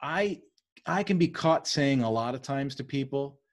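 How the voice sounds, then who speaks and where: A man from the East Coast of the US leading a casual study of a leadership book, talking fast and often checking in with "right?". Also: mid-range voice, expressive.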